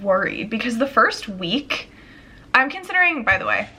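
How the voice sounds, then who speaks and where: A woman's voice: a little high, big pitch swings, moderate pace, pushed and bright. A young woman in a casual book review vlog, chatting and thinking aloud with lots of "like" fillers. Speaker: book vlogger.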